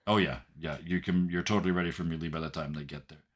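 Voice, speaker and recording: A man with a very low voice runs a tabletop role-playing game as game master. He narrates the action loosely, padding it with fillers and checking in with a frequent "right?". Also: fairly even intonation, fast.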